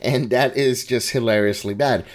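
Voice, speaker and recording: A man's voice: mid-range voice, normal speed. Chatty man explaining game spells. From Hispanic background. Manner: conversational, restarts and hedging asides, laughs at himself. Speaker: game guide host. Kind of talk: casual spoken game guide.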